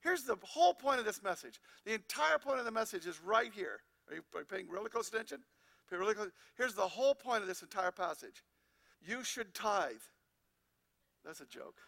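A man's voice: high voice, animated, fast talker, vocal fry, fairly bright tone. A man pastor preaching a sermon, asking the congregation rhetorical questions and reading scripture aloud.

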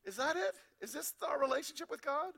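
A man's voice: very high voice, animated, brisk, creaky, fairly bright tone. A man pastor preaching a sermon, asking the congregation rhetorical questions and reading scripture aloud.

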